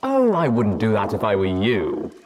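A man voicing a calm, amiable cyborg pony villain. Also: moderate pace, a crowd in the background. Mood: pleasantly menacing. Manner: pleasant conversational tone, even when threatening. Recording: booming long reverb with clear noise.

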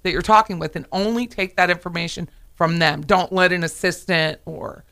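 Animated woman telling a story. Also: on the low side, normal speed, vocal fry. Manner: animated storyteller, acts out calls. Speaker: host, realtor. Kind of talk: casual interview chat.

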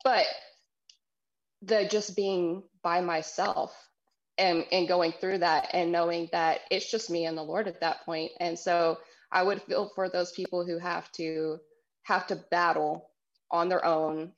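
A woman's voice: on the low side, steady tone, unhurried, muffled recording. A woman co-hosting a casual chat, thoughtful and rambling, saying "like" often. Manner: thoughtful, rambling, many likes.

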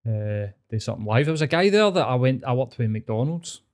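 A man's voice: medium pitch, animated, fast, darkish tone. A Scottish man in his thirties co-hosting a podcast, chatting in an easygoing, sweary way. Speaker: podcast co-host. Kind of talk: casual chat.

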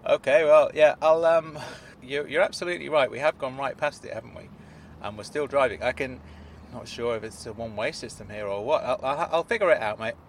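A young man hosting a comedy podcast, narrating and chatting in a dry, low-key, exasperated way. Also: a little fast. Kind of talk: deadpan comedy narration and sketch.

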